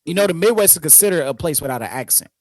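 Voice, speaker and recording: A man's voice: a little high, expressive, racing, darkish tone, no echo, studio quality. A man co-hosting a casual sports debate, blunt and opinionated, talking in slang. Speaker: co-host.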